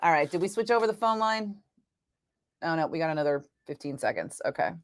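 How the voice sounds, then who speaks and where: A woman radio DJ chatting casually between on-air segments, telling stories in an animated way, laughing and swearing freely. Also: deep voice, fairly quick, dry recording. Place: radio studio.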